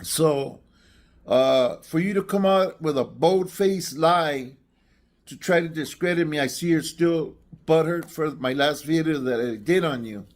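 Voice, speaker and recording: A man's voice: a little high, a little slow. Older man ranting with stammers. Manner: stammering, defensive. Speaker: guest in a played clip. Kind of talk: casual ranting monologue.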